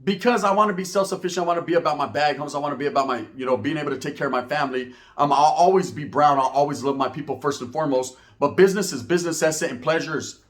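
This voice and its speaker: High-voiced man, slangy and animated. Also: very fast, few pauses. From Northern California. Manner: animated, slangy, rhetorical asides. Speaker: YouTuber. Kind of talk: casual opinion commentary.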